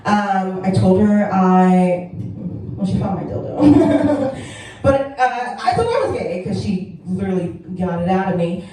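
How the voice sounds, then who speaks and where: Young woman doing standup, mellow voice, laughs a lot at her own bits, super echoey far-off club sound. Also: medium pitch, very animated, a little slow. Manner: chatty, self-mocking, laughs at her own jokes. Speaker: stand-up comedian. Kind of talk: stand-up set. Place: comedy club stage. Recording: echoey room, mic heard from far off.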